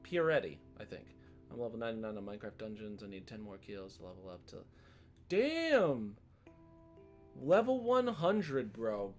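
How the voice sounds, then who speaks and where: A young man streaming a story game, chatting excitably with his viewers between readings. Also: a little high. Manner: excitable, chatty, talks to chat. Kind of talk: casual gameplay chat.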